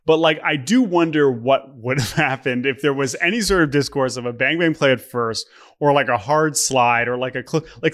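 Laughing, animated young man. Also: medium pitch. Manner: animated storytelling, laughs often. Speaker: podcast co-host. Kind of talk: casual chat.

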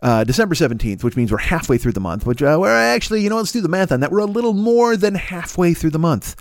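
A man's voice: on the high side, sing-song, quick pace, no echo. A man hosting a comedy podcast, delivering a boastful, crude, mock-seductive monologue about his own voice. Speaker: podcast host.

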